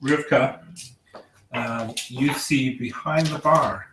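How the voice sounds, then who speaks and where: A man narrating a tabletop game as game master, halting and full of fillers, at a middling pitch. He sounds like he is caught from across an echoey room by a distant mic. A faint hiss sits under his voice.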